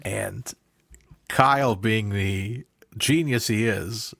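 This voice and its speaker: Young man, podcast co-host, husky voice, lively, dry close mic. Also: lowish voice, extremely slow, no echo. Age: young adult. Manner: tells side stories, laughs a lot, acts out shouted quotes. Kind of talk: casual movie podcast chat.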